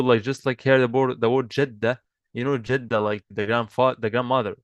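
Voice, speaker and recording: Guy teaching an online class, mid pitch, dry close sound, keeps repeating himself patiently. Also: no room sound. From Egypt. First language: Arabic. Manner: patient, repeats and restarts, switches between English and Arabic. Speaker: Arabic teacher. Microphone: video call mic.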